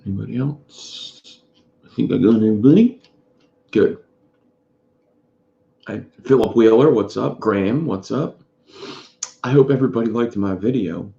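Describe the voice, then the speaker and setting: Gravelly lo-fi man rambling on a stream. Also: lowish voice, normal speed, pauses often, mellow. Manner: rambling, greets chat by name. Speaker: vape reviewer streaming live. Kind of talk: casual live-stream chat. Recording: dull lo-fi sound in an echoey room.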